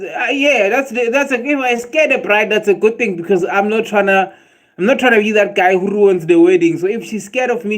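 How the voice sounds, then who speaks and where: A South African man with a South African accent, chatting casually on a livestream, ranting and joking with his viewers. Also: high voice. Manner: animated ranting, swearing and laughing at chat.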